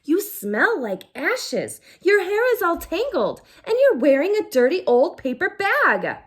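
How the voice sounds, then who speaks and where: A woman voicing a vain, snobbish young prince who talks slowly and scornfully in a raised voice. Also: extremely high pitch, wildly swooping pitch, voice pushed up, full character voice. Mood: sneering.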